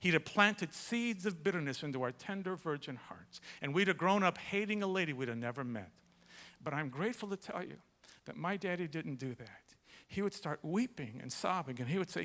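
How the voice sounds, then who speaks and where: A man preaching a sermon as a pastor, telling a story in an animated way that swings from hushed to shouting. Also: on the high side, fairly quick. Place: large church hall. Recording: long hall reverb.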